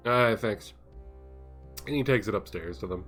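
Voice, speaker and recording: A man's voice: fairly low pitch, faint music behind. A man narrating a tabletop game as game master, often laughing. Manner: laughs often, slow and lively.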